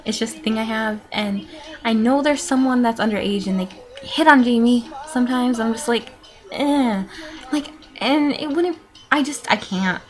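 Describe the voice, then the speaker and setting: A nineteen-year-old woman answers follower questions in a vlog, rambling casually with plenty of fillers, sighs, and small laughs. Her voice is on the high side, at a normal speed.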